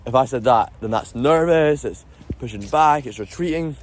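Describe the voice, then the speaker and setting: A man's voice: mid-range voice, lively intonation, normal speed, a little hiss or hum. A man talking casually to camera as a travel vlogger on a city street at night, rambling and explaining with lots of restarts.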